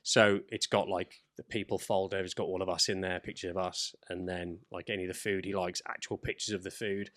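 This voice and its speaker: A man's voice: sits low, a little fast, hardly any pauses. A man co-hosting a podcast, telling stories in casual chat, swearing and acting out the people he quotes. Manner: animated storyteller, swearing, acts out quoted voices. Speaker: podcast co-host.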